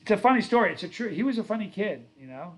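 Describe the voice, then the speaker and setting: Rambling middle-aged man, slightly high voice. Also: big pitch swings, fast talker. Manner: rambling, reads viewer comments aloud; storytelling, self-correcting. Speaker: livestream host. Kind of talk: casual livestream chat.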